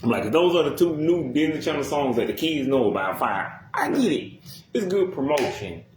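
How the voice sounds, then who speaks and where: Annoyed young guy going off about an album, swears a lot, mid pitch, roomy echo, bit of hiss. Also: animated, moderate pace. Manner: blunt, exasperated, profane, rambling. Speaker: music commentator. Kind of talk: casual ranting commentary. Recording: very echoey room, distant from mic, faint noise.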